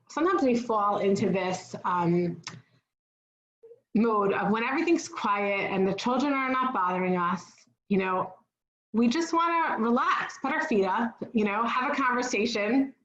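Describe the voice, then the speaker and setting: A woman's voice: fairly high pitch, animated, unhurried, fairly bright tone, echoey room, highs cut off. Earnest woman giving a parenting talk. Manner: earnest and instructive, often asks "right?". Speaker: parenting speaker.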